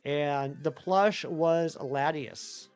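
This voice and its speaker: A man's voice: a little high, very slow, darkish tone, clear, resonant tone, soft background music. A man live-streaming who chats loosely with viewers, reads their messages aloud and rambles with many restarts. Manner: rambling, chatty, reads chat aloud and answers it. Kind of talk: casual live-stream chat.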